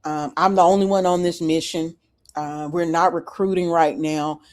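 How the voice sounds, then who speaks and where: A man voicing a self-important male angel messenger in a put-on Southern accent, speaking slowly and deadpan. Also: a little high, clean tone, natural voice. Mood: mock-solemn. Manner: slow, deadpan, mock-solemn. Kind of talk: comedic improvised bit on a livestream.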